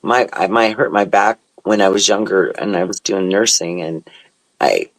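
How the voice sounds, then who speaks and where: A man's voice: sits low, normal speed, low-quality recording. A middle-aged host in casual chat, talking in a sympathetic, rambling way about his own experience.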